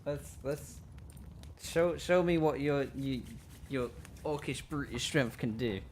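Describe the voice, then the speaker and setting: A man's voice: mid-range voice, slow pace, slight background noise. A man playing a tabletop game who talks in character in a wry, hesitant way. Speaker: player. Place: home setup, live stream.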